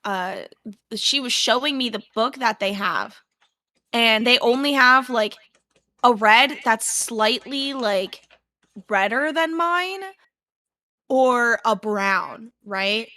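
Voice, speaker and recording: A young woman co-hosting a podcast, telling a story in casual chat and acting out her own past yells. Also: a little high, takes it slowly. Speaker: podcast co-host.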